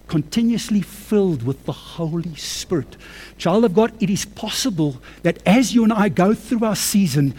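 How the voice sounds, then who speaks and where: A man preaching a sermon with personal testimony, calling listeners friends and child of God, moving from quiet storytelling to fervent shouting. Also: high-pitched. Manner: swings from hushed to shouting with passion.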